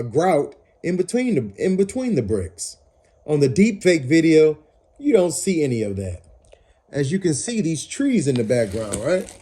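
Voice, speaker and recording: A man's voice: on the high side, a little mellow. A man heatedly recounting a police encounter while standing outdoors in front of his house, swearing often and pointing things out as he talks. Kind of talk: agitated first-person account.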